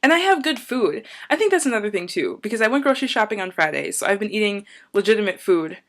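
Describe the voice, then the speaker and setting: A woman's voice: medium pitch, big pitch swings, quick pace, a bit bright. Chatty young woman vlogging on tangents. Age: young adult. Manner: rambling, going off on tangents; chatty and upbeat. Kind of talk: casual chat to camera.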